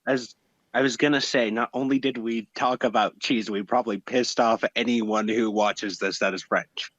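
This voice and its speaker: A man's voice: mid-range voice, steady tone, normal speed, a bit bright, dry recording, muffled recording. A young man talking on a casual podcast, laid-back and a little hesitant. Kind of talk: casual chat.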